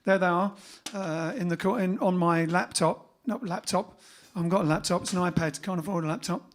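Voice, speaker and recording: A man's voice: high-pitched, steady tone, brisk. A man hosting a casual lockdown livestream as band leader, chatting playfully and joking between songs. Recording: band music clearly behind the voice.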